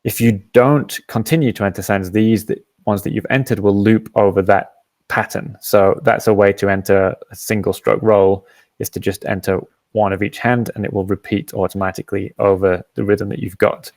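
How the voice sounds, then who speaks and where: A man hosting a live app demo, patiently explaining each step and often pausing with "um". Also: on the low side, fairly even intonation, a little mellow, no echo. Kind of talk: software demo and Q&A.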